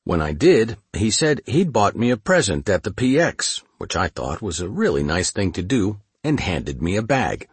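A man narrating a first-person war memoir in a measured, matter-of-fact way. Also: fairly low pitch, very animated, slightly rough, no echo. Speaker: audiobook narrator.

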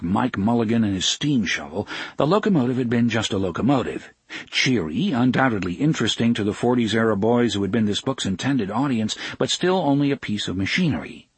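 A man's voice: on the low side, breathy edge, no room sound. A man reading a novel aloud as audiobook narrator, expressively voicing each character. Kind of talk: scripted narration.

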